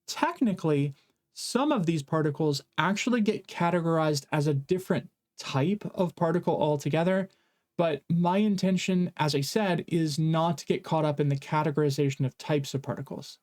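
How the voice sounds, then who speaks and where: A man's voice: a little high, normal speed, darkish tone. A man teaching a casual online language lesson, explaining in a playful, jokey way. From English-speaking foreigner who lived in Japan.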